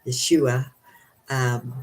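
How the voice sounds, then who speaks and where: A spiritual card reader talks through an oracle card reading at home. The voice sits at a middling pitch, rambling and giggly, with many fillers. A faint hum runs underneath. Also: steady tone, very slow, poor audio.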